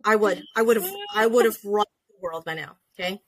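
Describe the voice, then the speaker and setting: A young woman co-hosting a podcast in casual chat, animated and joking, swearing freely, on a video call. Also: mid-range voice, brisk. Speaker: podcast co-host.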